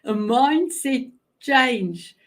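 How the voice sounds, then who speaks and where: This middle-aged South African woman hosts a live online show over a video call, her high, expressive voice drawing out words. She's effusive, often repeating herself and starting sentences over.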